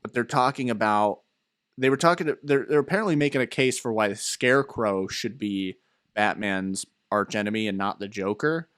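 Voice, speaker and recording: A young man in his twenties co-hosting a podcast, telling rambling, animated stories with fillers and laughs. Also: on the low side, normal speed, smooth, dry recording, clean studio sound. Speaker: podcast co-host. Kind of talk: casual chat.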